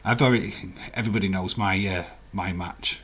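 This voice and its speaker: A man hosts a casual live watch-along stream, rambling as he answers viewer comments and laughing often. He speaks a little fast in a low, fairly bright voice with fairly even intonation.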